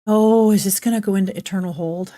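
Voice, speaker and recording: A woman's voice: mid-range voice, fairly even intonation, fast talker, warm tone. A woman live-streaming a game, chatting casually and rambling between game actions while she greets her chat.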